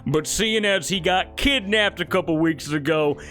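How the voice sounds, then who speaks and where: A man voicing a folksy showman announcing to a crowd, his voice pushed high and loud. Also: moderate pace, soft background music. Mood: smug.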